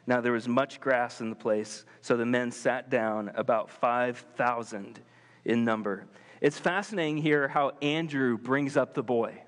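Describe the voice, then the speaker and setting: Male pastor, mid-pitched, casual animated sermon delivery, long church-hall reverb. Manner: conversational, animated, casual fillers.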